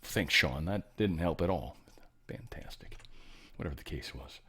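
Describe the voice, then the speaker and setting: A man's voice: extremely low pitch, expressive, moderate pace, sharp tone, husky. A middle-aged man hosting a talk show, giving rambling, sarcastic commentary with offhand asides. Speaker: show host. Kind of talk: casual news commentary.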